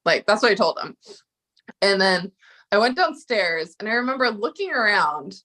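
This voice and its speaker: A woman's voice: medium pitch, lively intonation, normal speed, sharp tone. A woman giving a casual confessional monologue, emotional and profane, acting out the lines of the people she quotes. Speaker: storyteller recounting a breakup.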